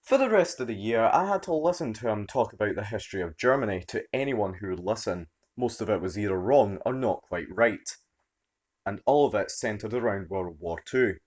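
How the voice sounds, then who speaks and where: A man narrates a story in a low voice with a lot of swing in his pitch. He reads expressively, the way a storyteller does. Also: animated, normal speed, a little mellow. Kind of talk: scripted narration.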